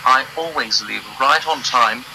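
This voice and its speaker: A man's voice: mid-range voice, a little slow, creaky, sharp tone, slight background noise, heavily acted, low-quality recording. An actor playing a haughty, pompous male express engine in a cartoon series, speaking in clipped tones.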